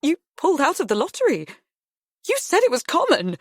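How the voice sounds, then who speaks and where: A woman voicing a shrill, indignant mother. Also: lively intonation, unhurried, no echo, studio quality, close to an everyday voice. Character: distraught middle-aged mother, indignant.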